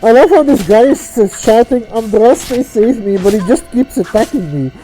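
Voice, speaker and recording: A woman's voice: fairly high pitch, very animated, fairly quick, mellow, low-quality recording. A woman streaming a game, giving wry, amused commentary as she plays. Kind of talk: casual gameplay commentary. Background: game music.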